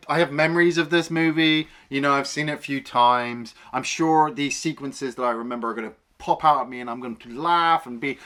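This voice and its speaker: A man's voice: medium pitch, normal speed, few pauses, fairly bright tone. A man co-hosting a film review podcast, ranting with heavy swearing in casual chat. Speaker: podcast co-host.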